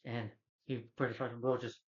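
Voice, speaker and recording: Male film reviewer, casual and rambling, mid-pitched voice on a slightly muffled recording. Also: level tone, a little fast. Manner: rambling plot retelling with many fillers and restarts.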